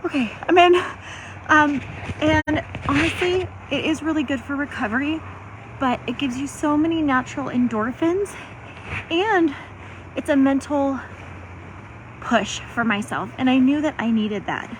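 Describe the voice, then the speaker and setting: Sitting in an ice bath and shivering from the cold, a faith-based health coach in her thirties talks energetically to the camera for a motivational vlog. Her voice is high-pitched and unhurried, chatty and full of fillers, with a noisy background.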